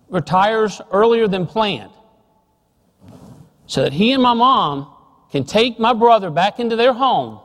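A middle-aged man preaching a sermon, telling a family story and dropping soft and slow on serious points. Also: high-pitched, in a large hall.

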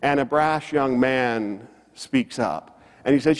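A man's voice: medium pitch, takes it slowly. A man preaching a sermon. He tells a story and swings his voice up and down for emphasis. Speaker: pastor. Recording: long reverb of a church hall.

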